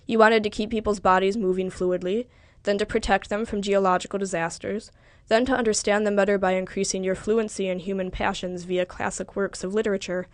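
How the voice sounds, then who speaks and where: Smooth-voiced woman reading literary fiction. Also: medium pitch, fairly even intonation, fairly quick, dry recording. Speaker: audiobook narrator. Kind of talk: scripted literary narration in second person.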